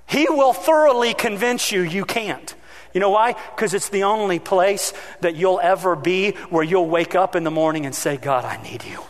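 A male pastor delivers a sermon with a fairly high voice, moving from quiet, earnest points to lively, animated storytelling. His words ring out with a long reverb from the church hall around him. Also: normal speed. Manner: animated storytelling, acting out his own shouting.

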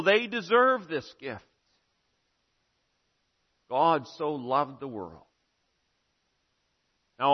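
A man preaching a sermon, measured and solemn, building to emphatic repeated phrases. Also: fairly high pitch. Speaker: pastor. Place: church sanctuary. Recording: muffled sound with long hall reverb.

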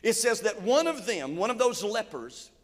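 A man preaching a sermon in a church sanctuary, with call-and-response and rising shouts. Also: sits high, very animated, moderate pace. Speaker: pastor. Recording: long hall reverb.

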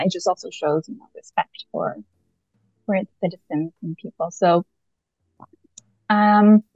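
A young woman from Canada speaks as a podcast guest in a relaxed, animated way, dotting her talk with fillers and quick laughs. The audio is dull and lo-fi with a dry, close sound and faint music behind her. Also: fairly low pitch, dry recording. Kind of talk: casual conversation.

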